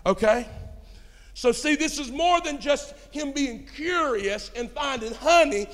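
Pastor preaching in a reverberant hall. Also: male voice, extremely high pitch, animated, a little slow. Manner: folksy storytelling, swings from quiet to shouting. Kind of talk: sermon. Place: church sanctuary.

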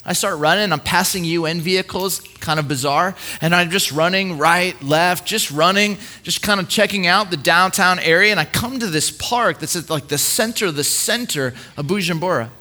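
Bright, high-voiced man preaching through a story. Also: moderate pace, hardly any pauses. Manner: animated storyteller acting out quoted voices, repeats words. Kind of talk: storytelling sermon.

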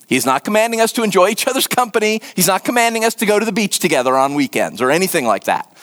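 High, lively-voiced male preacher. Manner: earnest, emphatic preaching with soft hushed drops; repeats words and restarts when stressing a point. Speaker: pastor. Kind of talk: sermon.

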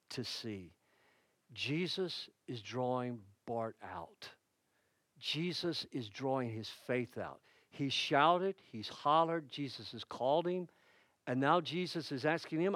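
An older man preaching a sermon as pastor, swinging between loud emphatic bursts and low quiet asides. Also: no room sound.

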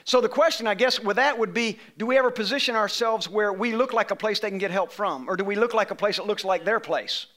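A man preaching a sermon to a congregation, emphatic and rising to shouts on key phrases, leading call-and-response. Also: high voice, fast talker, hardly any pauses. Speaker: pastor. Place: church sanctuary.

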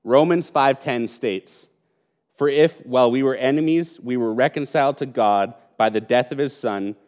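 Brief: male pastor, mid-pitched, earnest and emphatic sermon delivery. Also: a little mellow. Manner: earnest, emphatic preaching with pauses and repetition.

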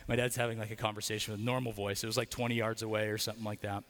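A man's voice: on the low side, little pitch movement, very fast, a bit bright, in a large hall. A man preaching a sermon in a church, telling a personal story with casual fillers and leading a prayer. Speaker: pastor. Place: church building.

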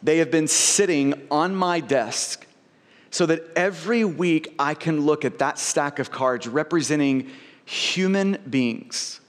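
A man's voice: on the high side, slow pace, long reverb tail. A man preaching a sermon as pastor, speaking earnestly and often repeating words as he restarts phrases.

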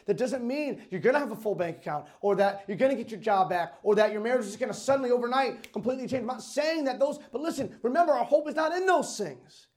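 A man preaching a sermon in an earnest way, repeating words as he builds a point and dropping to a quiet voice for emphasis. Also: very high voice, animated, fast, few pauses. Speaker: pastor.

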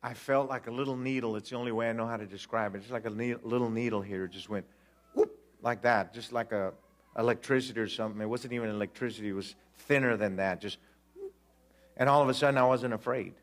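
Man in his sixties preacher telling a story from the pulpit, lively, acts out the voices, teases the congregation, mid-pitched voice. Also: fast talker. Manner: animated, acts out dialogue, jokes with the congregation. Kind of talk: storytelling sermon.

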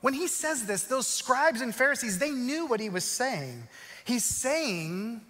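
A man preaching a sermon as pastor, moving between quick, loud storytelling and slow, hushed emphasis. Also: extremely high pitch, big pitch swings, in a large hall.

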